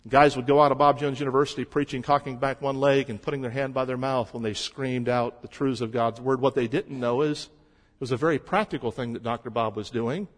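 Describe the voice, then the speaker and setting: A man preaching a sermon as a pastor, shifting between quiet stretches and loud emphasis. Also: mid-range voice, big-room sound.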